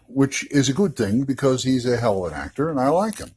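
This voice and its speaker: A man's voice: mid-range voice, expressive, a little fast, few pauses, a little mellow, husky. An older man leaving a friendly, chatty voicemail for a podcast. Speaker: caller. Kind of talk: voicemail message.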